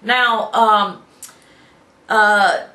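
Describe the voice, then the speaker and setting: Middle-aged southern lady hosting her show, bright voice, echoey office, lots of uh's and opinions. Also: mid-range voice, fairly even intonation, drawn-out words. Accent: Southern US, Alabama. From Alabama, US. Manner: folksy and opinionated, with frequent uh fillers and repeats. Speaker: host. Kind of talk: casual talk show monologue.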